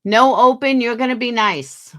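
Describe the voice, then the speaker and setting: A woman's voice: a little high, moderate pace, bright, forceful tone. A woman hosting a casual livestream, tired and yawning, gossiping and greeting viewers by name. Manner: chatty, gossipy, reads out viewer names. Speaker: livestream host. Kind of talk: casual chat with live viewers.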